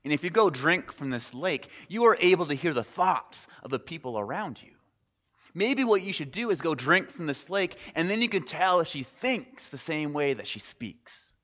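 A man speaking as a calm, helpful male frog giving advice in a story told during a sermon. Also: a little high, normal speed. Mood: advising. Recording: dull recording with long hall reverb.

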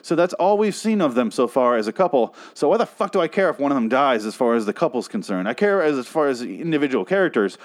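A man in the middle of an angry, sarcastic review of a TV episode, swearing freely. He mocks the characters with quick put-on voices in a mid-pitched voice. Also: animated. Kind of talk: profane ranting review.

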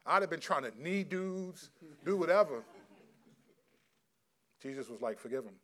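A man's voice: on the high side, lively intonation, moderate pace, bright, forceful tone. A middle-aged man preaching as a pastor, earnest and conversational, answering a question from the congregation. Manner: earnest, conversational, acts out quotes. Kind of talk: sermon with audience Q&A.

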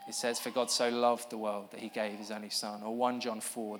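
A man's voice: on the low side, flat delivery, a little fast, few pauses. A man giving a sermon to a live audience, explaining earnestly and breaking off to ask for the next slide. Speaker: preacher. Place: church hall with an audience. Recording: long hall reverb.

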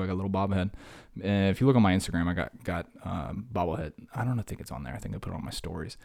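A young man talks through a casual solo podcast in a fairly low voice. He rambles from topic to topic, animated and self-mocking. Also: gravelly. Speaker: podcast host.

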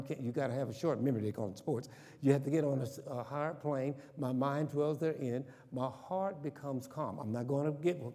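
A man's voice: mid-range voice, dark tone. A man preaching a sermon in a church, often asking the congregation questions and having them repeat sayings. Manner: call-and-response, asks congregation questions. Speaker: pastor. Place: church sanctuary. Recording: long reverb of a church hall.

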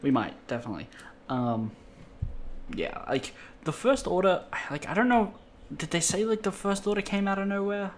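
A man's voice: high voice, animated, normal speed. Easygoing man with faint background noise. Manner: laughs often, easygoing banter. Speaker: podcast co-host. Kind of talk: casual chat.

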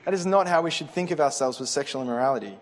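A man's voice: a little high, racing. Earnest man preaching in a hall. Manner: earnest and conversational, with frequent restarts and asides. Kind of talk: sermon. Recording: reverberant hall.

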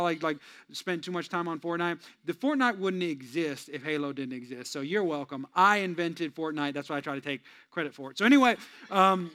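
A male pastor preaching a sermon, swinging from loud urging to quiet joking asides with the congregation. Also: on the high side.

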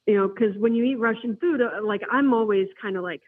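A man's voice: high voice, brisk. A man chatting enthusiastically on a podcast, rambling a little, heard over a phone call. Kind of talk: casual podcast chat. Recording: tinny phone line.

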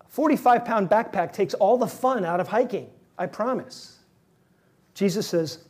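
A man's voice: high-pitched, unhurried, slightly rough. A male pastor preaching a sermon, acting out both sides of a back-and-forth with an imagined listener. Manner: acts out a doubting listener in a raised, pleading voice; dialogue between himself and an imagined listener.

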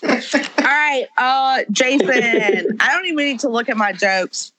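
A woman's voice: sits high, expressive, a little slow, a bit bright, poor audio. A woman delivering a comedy roast with brash, profane insults.

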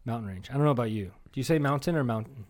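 Talking very fast in a medium-pitched voice with a darkish tone, this Iowan in his thirties co-hosts a comedy podcast. He rambles through profane stories in casual conversation, cursing a lot and mimicking others.

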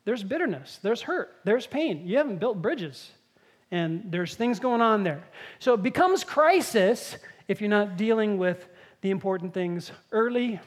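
A woman preaching a sermon, telling Bible stories in a lively way and acting out the quoted lines. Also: mid-range voice, a little slow.

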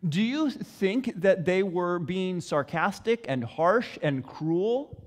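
A man preaching a sermon, earnest and questioning, with measured pauses. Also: high voice, lively intonation, long reverb tail. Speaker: pastor.

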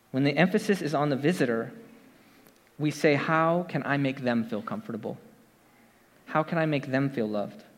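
A man preaching a casual, conversational sermon to his congregation, with lots of fillers and asides. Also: medium pitch. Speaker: pastor. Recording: long hall reverb.

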